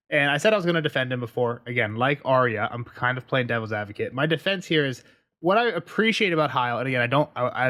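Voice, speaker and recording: A man's voice: mid-range voice, a bit bright. A man co-hosting a casual book podcast, rambling and correcting himself as he argues a point. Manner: rambling, self-correcting, playing devil's advocate. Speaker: podcast co-host.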